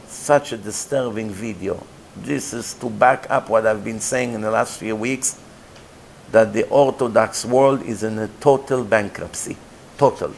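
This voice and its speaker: A man's voice: mid-range voice, creaky, darkish tone, a little hiss or hum. A man giving a sermon as a rabbi, emphatic and repetitive, mixing in Hebrew and Yiddish terms.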